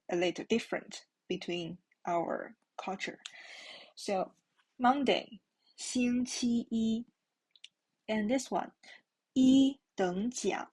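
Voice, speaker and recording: A woman's voice: medium pitch, darkish tone, husky, poor audio. A woman with a Chinese accent teaching a language lesson, patiently repeating words for learners. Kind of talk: slow classroom lesson.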